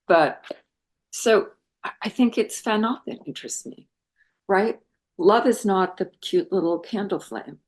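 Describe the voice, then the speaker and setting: Older woman, low and measured, reflective interview guest. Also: a little mellow. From United States. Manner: reflective, searching for words, many restarts. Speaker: guest, translator of Persian poetry. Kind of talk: thoughtful interview conversation.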